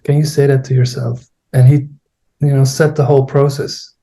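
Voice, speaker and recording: Gravelly, mellow-voiced male therapist. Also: mid-range voice, level tone. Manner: unhurried, searching for words, acting out his own and a client's lines. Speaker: therapy trainer, guest. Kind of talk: recounting a therapy case in conversation.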